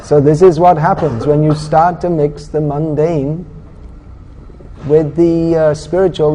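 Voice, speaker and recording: A man preaching a sermon in a scripture class, with a very dark, mellow tone that sits a little high for a man. He talks bluntly and with a sarcastic edge, scolding his listeners. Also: rough recording.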